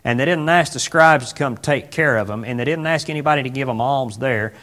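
A man preaching a sermon in a rambling way, with many fillers and pauses, now and then rising into loud, emphatic bursts. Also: medium pitch.

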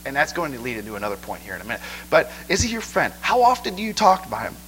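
A man preaching a sermon in an animated way, often checking in with listeners. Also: medium pitch, rapid-fire, a little hiss or hum, rough recording. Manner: animated, asks the crowd 'okay?' a lot.

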